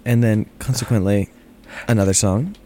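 A man's voice: lowish voice, moderate pace, mellow. A man co-hosting a show, chatting in casual, jokey banter and laughing often.

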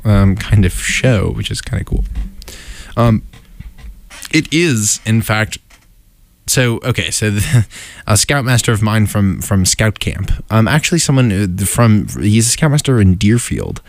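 A man's voice: lowish voice, lively intonation, a little slow, creaky, no echo. A young man co-hosting a casual podcast, rambling and giggly with lots of fillers and restarts. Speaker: podcast co-host. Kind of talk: casual chat.

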